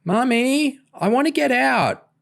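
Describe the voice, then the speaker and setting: A little girl whining and pleading in a storybook reading, as a man puts her on. The voice sits very high and childish. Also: expressive, measured pace, creaky, a bit bright, heavily acted. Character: small whiny toddler girl.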